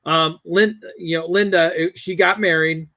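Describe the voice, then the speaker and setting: A man's voice: on the high side, steady tone, normal speed, pushed and bright, dry recording. A man in a casual chat, telling a family story in a rambling way, with many restarts and fillers. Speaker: guest.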